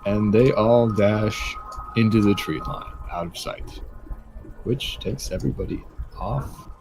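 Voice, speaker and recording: A man running a tabletop game as game master, explaining rules and narrating in a measured way. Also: lowish voice, noisy background.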